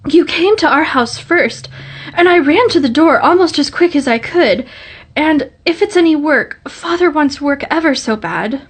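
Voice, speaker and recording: Eager breathless girl of eleven, high and pleading, woman puts it on for a storybook. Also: very animated, a little slow.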